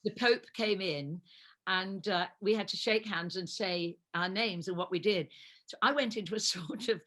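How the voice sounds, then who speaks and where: Older actress guest in her 70s, bright and chatty, storyteller who laughs easily. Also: medium pitch, moderate pace. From England. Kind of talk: casual chat.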